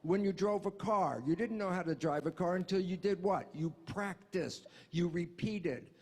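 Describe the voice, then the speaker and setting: A man being interviewed, explaining ideas in an animated way and acting out little dialogues. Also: high-pitched, normal speed. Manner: animated, acts out dialogues in quotes. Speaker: interview guest.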